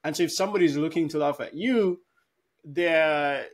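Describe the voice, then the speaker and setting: A man's voice: on the high side, normal speed. A man co-hosting a podcast, talking thoughtfully in a casual conversation and explaining ideas through everyday examples. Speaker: podcast co-host.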